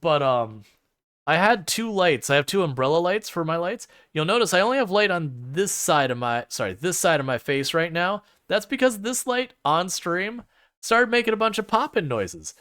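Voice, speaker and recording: A man's voice: high-pitched, sing-song, moderate pace, fairly bright tone, clean tone. A man live-streaming a game, chatting casually and rambling with sarcastic asides to his viewers from a home setup. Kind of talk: casual live-stream chat while playing.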